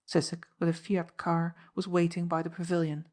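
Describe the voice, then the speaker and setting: A woman narrates an audiobook with a steady, measured reading of a script. Her voice sits on the low side.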